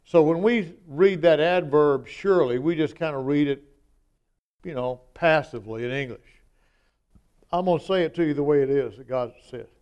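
A male preacher delivers a sermon in a clear, resonant voice that sits a little high. He talks conversationally but drives points home with strong emphasis, acting out quoted lines as he goes. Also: moderate pace, a little mellow, lo-fi sound.

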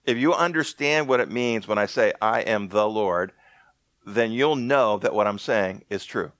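Man, pastor, sermon, conversational, low-pitched, dry close mic. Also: a bit bright, dry recording. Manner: conversational, restarts often, reads scripture slowly.

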